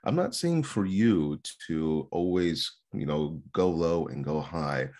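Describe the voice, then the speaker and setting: A man's voice: a bass voice, lively intonation, takes it slowly, a little mellow. A male speech instructor giving an earnest seminar lecture on vocal delivery, stressing points by repeating words. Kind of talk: seminar lecture on public speaking.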